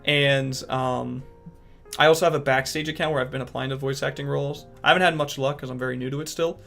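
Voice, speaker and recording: A young man in casual chat who talks in an animated, sporadic way about trying to become a voice actor. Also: medium pitch, fast, creaky, faint music behind. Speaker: aspiring voice actor and podcast guest.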